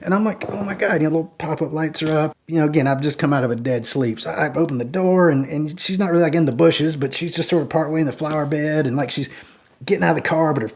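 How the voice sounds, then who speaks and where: A man's voice: on the high side, fast talker, slight background noise. A man telling a true story in a casual way, acting out the dialogue and saying "like" often. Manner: animated, acts out each line of dialogue, many "like" fillers. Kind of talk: casual spoken anecdote.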